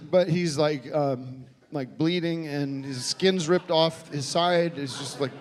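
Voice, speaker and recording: A man doing a live stand-up comedy set, telling a long deadpan rambling story with halting restarts. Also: fairly high pitch. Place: live comedy venue with audience. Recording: live show recording with faint crowd.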